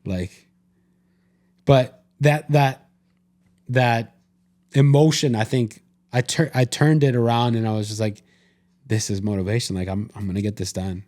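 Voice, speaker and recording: Speaking a little slowly, with long pauses, a podcast co-host in a steady, mid-range, somewhat dark voice casually retells something he went through. He keeps restarting his lines and quotes plenty of his own self-talk in this casual conversation.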